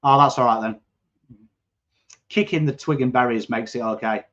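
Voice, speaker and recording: Hosting a live football watchalong, this coarse-accented man from England chats, reads out viewer comments and reacts to the play, swearing and erupting into shouts in his excitement. His voice is mid-range at a moderate pace, and the stream audio is dull and lo-fi.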